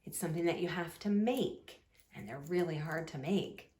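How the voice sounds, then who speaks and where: A woman teacher giving a slow, sing-song phonics lesson to young children, drawing words out patiently. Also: low voice, darkish tone, roomy sound, a little hiss or hum.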